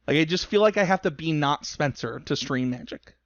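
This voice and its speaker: A man's voice: a little high, expressive, fairly quick, no room sound, lo-fi sound. A man co-hosting a podcast in casual chat, rambling and self-deprecating, talking openly about his feelings. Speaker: podcast co-host. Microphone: remote call recording.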